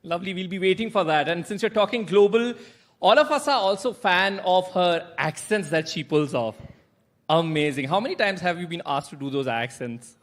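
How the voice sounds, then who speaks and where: A woman's voice: on the low side, expressive, moderate pace. Woman hosting a live session, upbeat, talks straight to the audience. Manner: upbeat, addresses the crowd directly. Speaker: moderator.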